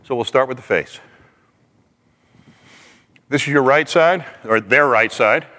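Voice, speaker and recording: A man teaching a class in an animated way, acting out the people he quotes. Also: medium pitch, unhurried. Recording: long hall reverb.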